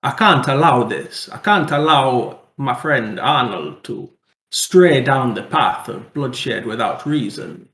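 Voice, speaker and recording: A man's voice: mid-range voice, lively intonation, slow pace, a bit bright, echoey room. A man playing a tabletop game, speaking in character in a stern, threatening way. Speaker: player. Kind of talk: in-character role-play.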